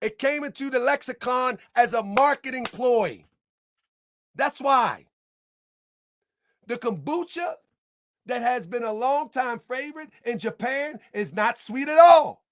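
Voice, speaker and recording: A man delivering a heated rebuttal monologue as an online commentator, combative and emphatic, repeating his points and bursting into shouts. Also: extremely high pitch, measured pace, long pauses, no room sound, clean studio sound.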